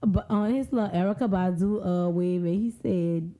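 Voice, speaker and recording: A woman's voice: medium pitch, moderate pace, warm tone. A woman co-hosting a podcast, cracking profane jokes in casual chat. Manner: profane, joking. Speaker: podcast co-host.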